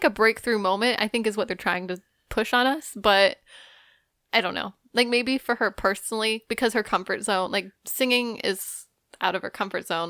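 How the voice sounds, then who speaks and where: A woman's voice: medium pitch, fairly bright tone, dry recording, studio quality. Giggly young woman, podcast co-host. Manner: giggly, opinionated, self-described awkward. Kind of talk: casual movie chat.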